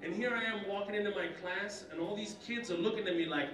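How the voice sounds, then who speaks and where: A young adult man from Kuwait doing an animated stand-up comedy set in a conference center banquet hall, slipping into character voices. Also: fast, hardly any pauses, some chatter behind. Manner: animated, jumps into high-pitched character voices. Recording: roomy hall, distant mic, faint noise.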